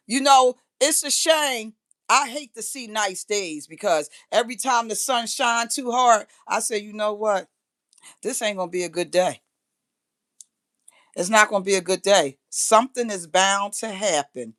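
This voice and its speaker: A woman's voice: a little high, lively intonation, a little slow, fairly bright tone. A middle-aged woman, ranting bluntly and profanely on a live stream and repeating phrases for emphasis. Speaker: livestreamer. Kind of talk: impassioned live-stream rant.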